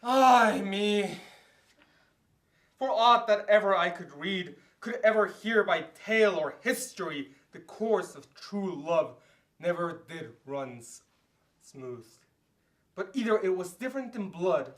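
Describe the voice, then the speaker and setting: A man's voice: high voice, lively intonation, slow, a bit bright, heavily acted. A male acting student reading a young lover's lines from a Shakespeare scene, with earnest, building verse delivery in class.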